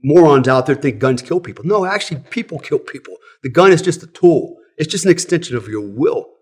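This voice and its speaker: A man's voice: fairly high pitch, animated, brisk, slightly rough. Blunt, profane man spinning stories. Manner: blunt, profane, chuckles often. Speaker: podcast guest, former special operations soldier. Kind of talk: casual storytelling in a podcast interview.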